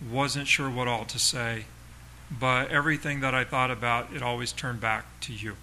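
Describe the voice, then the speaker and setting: A man's voice: mid-range voice, sharp tone, slight background noise, rough recording. A man as a pastor, speaking earnestly and emotionally at a funeral, addressing the grieving son directly with repeated phrases. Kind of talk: funeral sermon.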